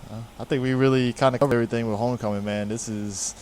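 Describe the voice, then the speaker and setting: A man's voice: medium pitch, steady tone, very fast, a little mellow. A man hosting a casual film chat podcast, laid-back and swearing freely, often trailing off and restarting. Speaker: podcast host.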